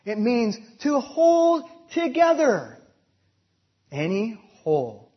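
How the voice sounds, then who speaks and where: A man preaching a sermon and leading a prayer, slow and emphatic, swelling loud and then dropping soft. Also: very high-pitched, slightly rough, dull audio. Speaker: pastor.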